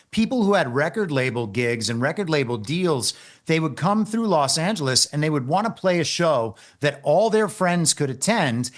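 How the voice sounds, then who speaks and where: A man speaking as a podcast guest, recalling past days in a relaxed, enthusiastic way. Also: fairly high pitch. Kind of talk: casual conversation.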